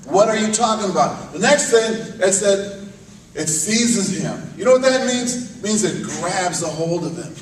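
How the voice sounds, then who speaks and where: High-voiced preaching pastor in echoey chapel. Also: male voice, lively intonation, moderate pace, slight background noise. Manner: preaching with call-and-response, swinging from loud to hushed. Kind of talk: sermon. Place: church chapel. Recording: echoey room picked up from a distance.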